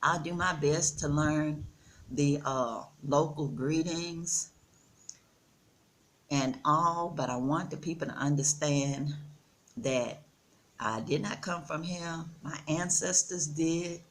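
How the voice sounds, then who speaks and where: Sitting low in pitch, this Texan woman's voice carries a faint hiss or hum. She's in her sixties, vlogging outdoors in the Gambia, and chats slowly and earnestly with her viewers, whom she addresses as y'all.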